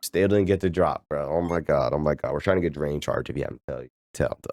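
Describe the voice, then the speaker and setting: Low-voiced young man ranting over game music. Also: fast, hardly any pauses, a little mellow. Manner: slangy, exasperated, rambling. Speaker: game streamer. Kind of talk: casual rant while gaming. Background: video game music.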